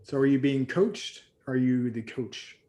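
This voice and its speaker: Speaking a little slowly in a mellow, medium-pitched voice, a man leads a live group coaching call over video. He tells stories and acts out the voices of the people in them.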